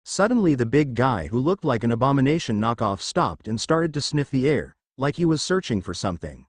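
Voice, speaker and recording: A man narrating a fan fiction story aloud in an even reading voice, with his own asides. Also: medium pitch, normal speed, no room sound, studio quality.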